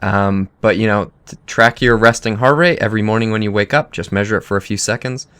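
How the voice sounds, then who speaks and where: A man's voice: on the low side, steady tone, a little fast, fairly bright tone, clean tone. A man co-hosting a training podcast, explaining things plainly and slipping in dry jokes. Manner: dry joking asides between plain explanations. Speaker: podcast co-host. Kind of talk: casual coaching chat.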